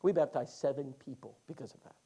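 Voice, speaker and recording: A man teaching a Bible class, telling stories in a folksy, animated way. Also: mid-range voice, fast talker, breathy edge. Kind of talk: lively classroom storytelling.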